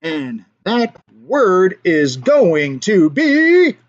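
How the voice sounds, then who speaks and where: A man's voice: high voice, huge pitch swings, very slow, muffled recording. A man hosting a casual livestream, telling a joke and chatting with viewers in a playful way, chuckling at his own jokes. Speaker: livestream host.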